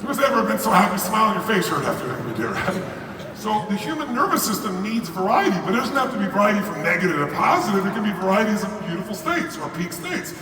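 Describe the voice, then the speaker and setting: A man's voice: high voice, big pitch swings, quick pace, crowd noise. An older man giving a live motivational keynote, emphatic and profane, firing questions at the audience. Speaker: motivational speaker. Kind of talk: live stage keynote to a crowd. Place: large arena. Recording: echoey arena sound from far off.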